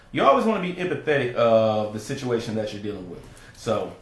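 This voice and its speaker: A man's voice: mid-range voice, a bit bright. A man co-hosting a casual advice talk with his wife, earnest, often restarting his sentences. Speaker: co-host, husband. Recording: echoey room.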